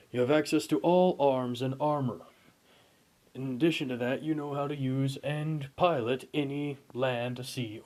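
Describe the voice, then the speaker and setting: A man's voice: medium pitch, darkish tone, lightly acted. A man voicing a glowing energy orb that hands out quests and speaks in a formal, announcing way.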